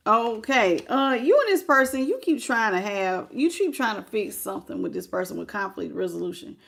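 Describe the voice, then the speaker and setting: A woman's voice: on the high side, sing-song, moderate pace, vocal fry, a bit bright. Blunt, chatty woman tarot reader. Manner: blunt, colloquial, chatty with viewers. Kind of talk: casual tarot reading.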